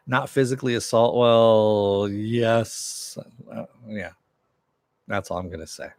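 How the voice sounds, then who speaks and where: Low-voiced man recapping a TV episode. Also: takes it slowly, darkish tone, no room sound. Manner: conversational, with frequent filler. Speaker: TV show reviewer.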